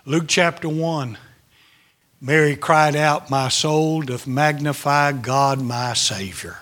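A man's voice: a little high, slow pace, a bit bright. A man preaching a sermon, emphatic and dramatic, sometimes dropping his voice to a whisper.

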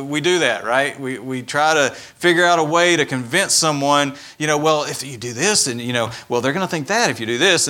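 A man preaching a sermon in a conversational, animated way, acting out quoted asides. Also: mid-range voice. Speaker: pastor.

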